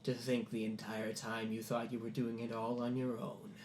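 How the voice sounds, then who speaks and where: A man's voice: mid-range voice, monotone, moderate pace, reverberant, noisy background, close to an everyday voice. A man voicing a sinister one-eyed male entity trapped in a wardrobe, in a menacing, taunting whispered role-play.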